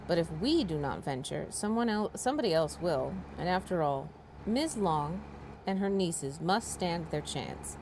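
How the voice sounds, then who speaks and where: A woman's voice: on the low side, expressive, unhurried, background noise. A woman voicing a dry, teasing middle-aged father in a dramatic reading of a classic novel.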